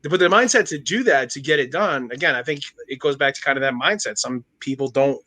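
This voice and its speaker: A man's voice: medium pitch, fairly quick, bright, forceful tone. A man co-hosting a podcast in casual chat, pressing the others with playful questions. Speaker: podcast co-host.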